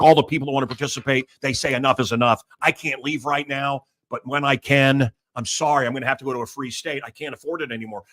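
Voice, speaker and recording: A middle-aged American man hosting a talk show, ranting loudly and crudely in a rambling, blustery way. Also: medium pitch. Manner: loud, blustery and crude, with mocking put-on voices. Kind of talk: rambling political rant.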